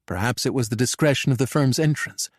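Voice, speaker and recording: This male narrator delivers a suspense thriller audiobook steadily and evenly, his pitch sitting in the middle. The close, dry recording carries no surrounding room sound and no echo.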